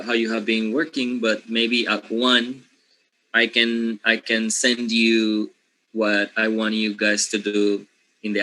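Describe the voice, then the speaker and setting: A young male teacher with a Latin American Spanish accent, a native Spanish speaker, lecturing his class live. His tone is bright and forward, and his middle-pitched voice works through ideas in loose restarts. He keeps checking in with "okay?" and "right?". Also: rough recording.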